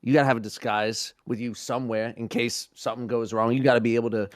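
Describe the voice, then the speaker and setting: A man's voice: mid-range voice, flat delivery, fast, no echo, studio quality. A man improvising as a job applicant in a comedic party game, rambling and stammering through restarts. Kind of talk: improvised comedic role-play.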